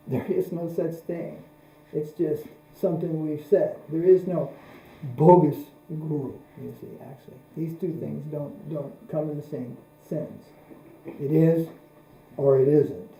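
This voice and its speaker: Male spiritual teacher lecturing, very dark mellow tone, measured and repetitive delivery, echoey room with hum. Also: fairly high pitch, gravelly. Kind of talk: recorded religious lecture.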